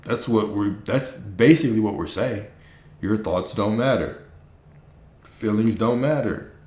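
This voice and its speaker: Man, low voice, blunt preachy coaching talk, echoey room. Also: unhurried, darkish tone. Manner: blunt, preachy, profane, mocks listeners in high put-on voices. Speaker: manifestation coach. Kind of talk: casual livestream talk.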